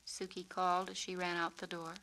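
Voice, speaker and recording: A woman, the author, reading her own storybook in a clear, measured, descriptive way. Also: fairly low pitch, monotone, pushed and bright, low-quality recording. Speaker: author and narrator. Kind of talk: storybook narration.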